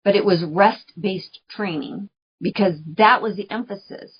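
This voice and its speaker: A woman's voice: medium pitch, measured pace, slightly rough. Chatty woman coaching, dull lo-fi sound. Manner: chatty and earnest, laughs often, repeats phrases for emphasis. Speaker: podcast host. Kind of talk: spiritual coaching monologue. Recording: dull lo-fi recording.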